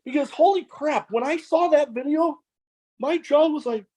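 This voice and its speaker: A man hosting a podcast in casual chat, reacting excitedly. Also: normal speed. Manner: excitable, swooping pitch. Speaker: podcast host.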